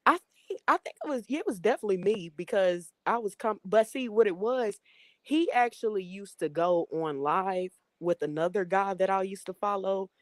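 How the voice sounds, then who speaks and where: A young woman guest speaking softly in an easygoing, casual way. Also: medium pitch, lively intonation, moderate pace, no room sound, clean studio sound. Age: young adult. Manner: soft-spoken, easygoing, giggly. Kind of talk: casual interview chat.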